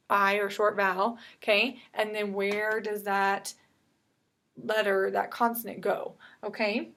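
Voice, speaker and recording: A woman teaching an online reading lesson, brisk and explanatory, checking in with "okay?" after each point. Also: mid-range voice, a bit bright. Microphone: computer mic with screen share.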